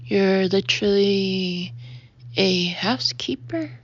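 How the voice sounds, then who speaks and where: A woman's voice: mid-range voice, slow pace, breathy edge. A woman reading the part of a stuffy senior male lawyer in an audiobook, incredulous and dismissive. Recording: dull, muffled audio.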